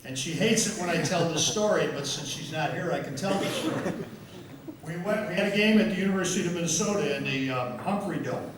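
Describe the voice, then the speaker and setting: A man's voice: on the high side, lively intonation, a little fast. Older man, after-dinner speaker, self-amused storyteller, roomy echo, distant mic, faint background noise. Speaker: guest speaker and football official. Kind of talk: after-dinner speech with anecdotes. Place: large members' dining room. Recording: echoey hall, voice from far off.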